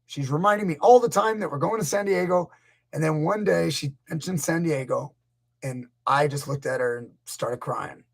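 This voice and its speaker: Hosting a casual live stream, a male grappling coach wanders through stories and performs the quotes of people in them. He speaks at a moderate pace in a slightly high, creaky voice.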